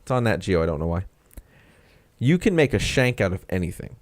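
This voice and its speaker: On a casual comedy tech podcast, a male co-host jokes around playfully and slips into put-on voices. He speaks low, very animated and fairly quick, into a webcam microphone.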